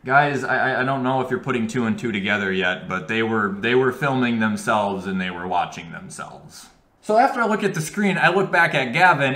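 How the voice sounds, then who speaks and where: A young man vlogging while he plays a game, telling an animated, profane story. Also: mid-range voice. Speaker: gaming vlogger. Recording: echoey room.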